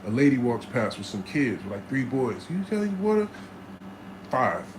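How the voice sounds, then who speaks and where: A man telling stories from his life in a casual monologue, streetwise and animated, swearing freely and acting out the voices of people in his stories. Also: medium pitch, normal speed, background noise. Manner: streetwise, animated storyteller who acts out voices and cusses freely.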